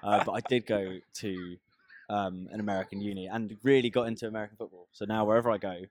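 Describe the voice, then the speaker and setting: A man's voice: fairly low pitch, steady tone, fast, noisy background. A young man in his twenties co-hosting a casual podcast, chatty and jokey, laughing often. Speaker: podcast co-host.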